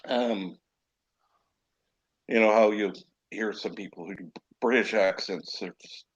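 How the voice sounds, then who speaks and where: An American man in a casual live-stream chat, talking in a measured way and pausing to find his words. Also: fairly low pitch, slightly rough, lo-fi sound.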